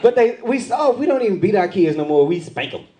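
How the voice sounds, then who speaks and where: A middle-aged man doing stand-up comedy on a club stage with a handheld mic, jumping into loud, high voices when he acts out other people. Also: big pitch swings, fast talker, background noise. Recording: live club with loud crowd laughter.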